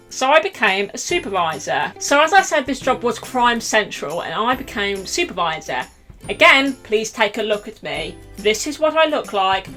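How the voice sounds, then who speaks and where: Young woman, high-ish voice, chatty storytime vlogger, animated, giggly, faint music under. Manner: animated, giggly, acts out quotes loudly.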